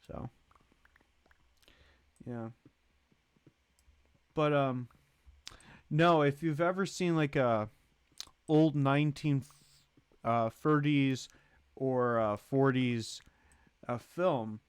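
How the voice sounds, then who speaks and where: A man's voice: medium pitch, extremely slow, long pauses, clean tone, dry recording, studio quality. A man hosting a livestream, chatting casually in a rambling way and greeting and thanking viewers in the chat. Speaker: livestream host.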